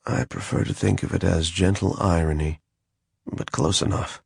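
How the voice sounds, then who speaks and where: A man voicing a weak, worn-out captive assassin who answers with dry, deadpan irony. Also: low voice, normal speed, gravelly, slightly rough, no room sound, heavily acted. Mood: weary, wry. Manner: wry, deadpan understatement. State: weak and drained. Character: weary captive male assassin, dry and sardonic.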